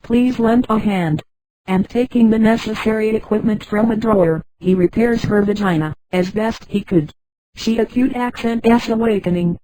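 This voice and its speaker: A woman's synthetic voice narrating a sci-fi story in an even, flat reading that reads punctuation marks aloud. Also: mid-range voice, moderate pace, dry recording, poor audio.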